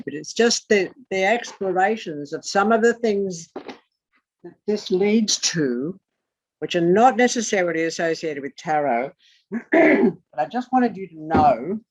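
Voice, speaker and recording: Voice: mid-range voice, no room sound. A tarot teacher giving a rambling esoteric lecture, swearing casually and drifting into muttered asides. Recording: dull lo-fi dry recording.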